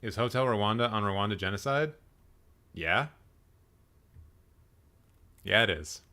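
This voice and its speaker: A man's voice: fairly low pitch, expressive, takes it slowly, pushed and bright. A man hosting a casual live stream, playfully roasting people and laughing at his own jokes while he rambles and corrects himself. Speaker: host.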